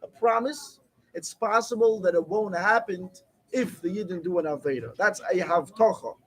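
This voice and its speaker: A man's voice: high-pitched, normal speed, fairly bright tone, poor audio. A man teaching a Torah class, reading the text aloud, then asking and answering his own questions.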